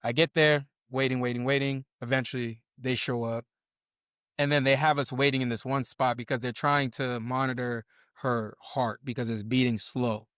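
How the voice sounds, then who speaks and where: A young podcast co-host tells a story in casual chat, animatedly acting out the people in it by voicing their quotes. His mid-range voice is clear and resonant, at normal speed, captured in clean studio sound with no room sound.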